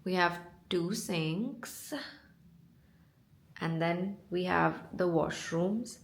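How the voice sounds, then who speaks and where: Woman in her twenties, vlogger, lowish voice, chatty, slightly congested, hotel room, phone camera. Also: drawn-out words, vocal fry, long pauses. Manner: chatty, excitable, gushing. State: has a cold and sore throat. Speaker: travel vlogger. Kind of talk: casual travel vlog.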